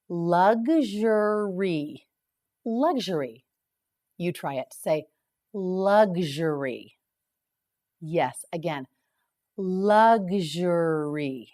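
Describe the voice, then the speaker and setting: Woman, English teacher, scripted word drill, slow careful enunciation, low voice. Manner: slow, clearly enunciated repetition.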